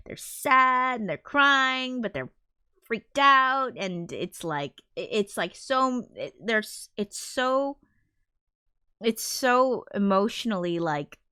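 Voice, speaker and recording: A woman's voice: medium pitch, pushed and bright, no room sound, studio quality. A woman composer chatting casually on a livestream, rambling with frequent restarts and casual swearing. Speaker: composer streaming her work.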